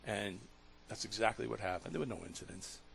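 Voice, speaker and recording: A man with a low, gravelly voice hosts a talk radio program. He tells a story earnestly, full of feeling, stumbling over his words and starting again. His delivery sounds like unscripted storytelling on the air. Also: a bit bright, a little hiss or hum. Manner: earnest, emotional retelling with halting restarts.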